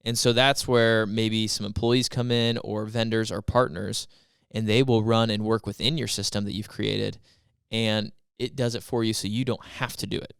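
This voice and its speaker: Guy on a podcast walking through his point step by step, smooth clear voice. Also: on the low side, level tone, moderate pace, dry recording, clean studio sound. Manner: explanatory, builds points step by step. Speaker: podcast co-host. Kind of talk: casual podcast chat.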